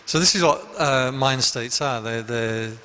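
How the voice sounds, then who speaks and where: In a meditation hall, a male monk delivers a chatty, story-filled dharma talk, often starting his sentences over. His mid-range voice is bright and forceful, and his pace is slightly slow. There's a bit of background noise.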